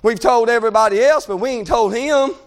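A man delivers a fervent sermon in a very high voice. He moves between shouted pleading and low, quiet talk. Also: fairly quick. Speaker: preacher.

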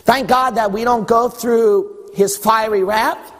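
A man preaching a sermon as pastor, emphatic and rising to shouts, acting out the voices of God and his listeners. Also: high-pitched, steady tone, slow, in a large hall.

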